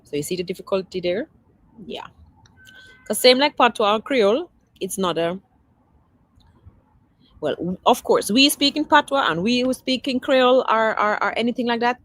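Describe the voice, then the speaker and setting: A woman's voice: mid-range voice, dry recording. A woman hosting a casual livestream, chatting loosely and answering viewer comments, often restarting her sentences. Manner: rambling, with many restarts. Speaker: livestream host.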